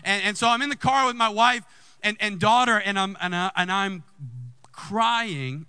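A man, a lead pastor telling a personal story in a sermon and jumping high in pitch when excited. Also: smooth, dry recording.

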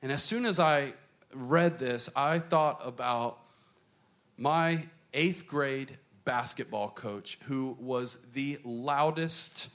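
A man preaching a sermon to a church congregation, emphatic and dramatic, switching between quick runs and slow, stressed phrases. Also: mid-range voice, a bit bright. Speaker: pastor.

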